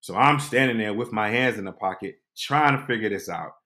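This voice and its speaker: A man hosting a podcast, telling a comic personal story with animated delivery, acting out voices. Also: fairly low pitch, a little fast. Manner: animated, acts out voices and quotes. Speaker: podcast host.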